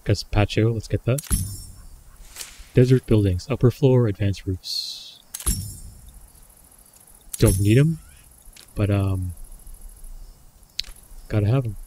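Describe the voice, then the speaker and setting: A man's voice: fairly low pitch, slow pace, pauses often, warm tone, a little hiss or hum. A man giving casual running commentary while playing a survival game, talking himself through his choices. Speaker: gameplay commentator.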